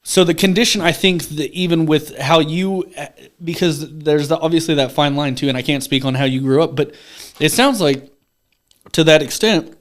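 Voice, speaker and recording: A man's voice: a little high, moderate pace. A young man hosting a podcast, chatting casually, rambling and swearing freely. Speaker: podcast host. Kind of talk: casual chat.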